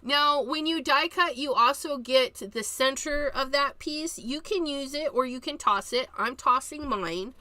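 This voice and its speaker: A woman's voice: high voice, measured pace, few pauses, bright, forceful tone, no echo. A woman hosting a live card-making tutorial, chatting and joking to herself as she works. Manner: chatty, jokey, talks to herself while working.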